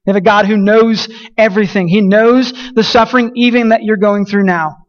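A man's voice: sits high, steady tone, fairly quick, highs cut off. A man preaching a sermon as pastor, emphatic and repetitive, with frequent restarts.

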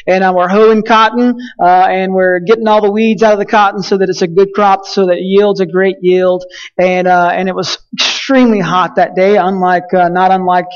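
Young man from West Texas, pastor, folksy sermon storytelling, high voice. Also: little pitch movement, moderate pace, smooth, lo-fi sound. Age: young adult. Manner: folksy storytelling with frequent fillers and restarts.

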